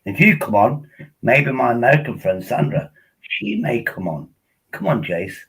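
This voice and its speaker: A man's voice: medium pitch, very animated, moderate pace, a bit bright, breathy edge, low-quality recording. A tipsy man rambling casually as he hosts a live stream, coaxing viewers to join him on air. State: tipsy from drinking. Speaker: livestream host.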